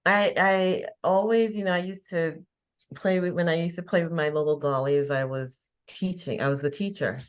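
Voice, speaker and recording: A woman's voice: fairly low pitch, steady tone, normal speed. A woman in her fifties from England, chatting as an interview guest and telling stories with easy laughs. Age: 50s. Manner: chatty storyteller, laughs easily. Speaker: guest, faith coach. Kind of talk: casual interview chat.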